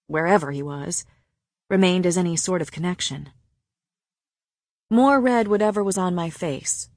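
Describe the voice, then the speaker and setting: A woman reading a story aloud in first person, with a soft and even narrating manner. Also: lowish voice, dry recording, clean studio sound. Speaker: audiobook narrator.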